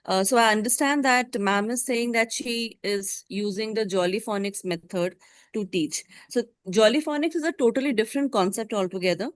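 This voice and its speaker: A woman's voice: fairly high pitch, normal speed, dry recording. A woman teacher trainer, explaining step by step in an online session over a video call.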